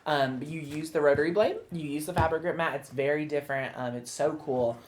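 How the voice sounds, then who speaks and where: A bubbly woman hosting a crafting live stream, chatting with lots of fillers and excited squeals. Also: low-pitched, fairly quick, noisy background. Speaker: host.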